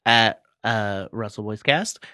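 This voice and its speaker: A man chats easily as one of the hosts of a friends' podcast. His voice is bright and forward, and the sound is dry, with no room around it. He runs through the show plugs in a relaxed, friendly way. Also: fairly low pitch, slow, clear, resonant tone, no room sound. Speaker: podcast co-host. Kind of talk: casual chat.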